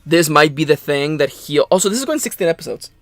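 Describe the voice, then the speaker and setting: A man's voice: a little high, fast, dry recording. A man co-hosting an anime reaction video in casual chat, joking and restarting his words. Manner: animated, jokey, stumbling restarts.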